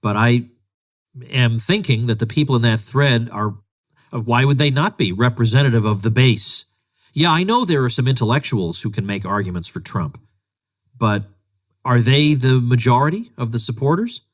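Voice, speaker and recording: Guy doing a solo commentary show, dry sarcastic tone, sounds fed up, mid pitched voice. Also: expressive, normal speed. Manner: sarcastic, exasperated, mocking reading of comments. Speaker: podcast host.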